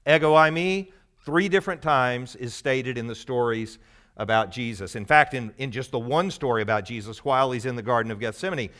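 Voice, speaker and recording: A man's voice: medium pitch, a little fast, fairly bright tone. A man giving a conversational, explanatory Bible teaching to a live group, teasing the audience now and then.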